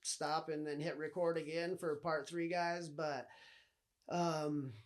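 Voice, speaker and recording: Profane man telling a story, high-ish voice. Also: flat delivery, slow pace. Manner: profane, loose, rambling, heavy on fillers. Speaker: podcast host. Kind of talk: casual storytelling monologue.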